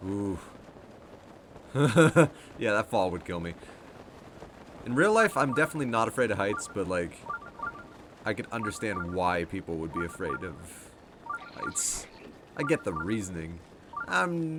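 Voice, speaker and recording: A man's voice: fairly low pitch, very animated, measured pace, pauses often, very noisy. A man giving casual let's play commentary who thinks aloud, laughs often and swears freely. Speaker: game streamer.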